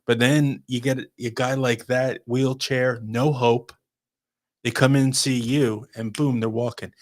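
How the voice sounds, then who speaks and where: Brief: male co-host, mid-pitched voice, earnest and emphatic. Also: flat delivery, unhurried. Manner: earnest, emphatic, backchannels often. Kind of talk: casual podcast conversation.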